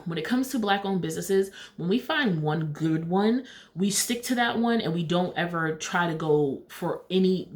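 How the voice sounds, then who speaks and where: A woman casually recapping a TV episode, chatty, retelling scenes in paraphrased dialogue. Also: low voice. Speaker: TV recap vlogger.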